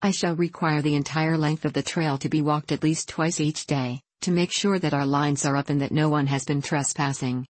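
A stern middle-aged lumber boss, read by a woman in a storybook, explaining in a measured, earnest way. The voice sits very low for a woman, and the sound is close and dry. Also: fairly even intonation, no echo. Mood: serious.

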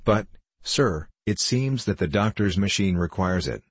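A man's voice: low-pitched, expressive, unhurried, slightly rough, no room sound, full character voice. A man voicing a cheerful, loyal young male servant in a storybook reading, speaking in an eager, earnest way.

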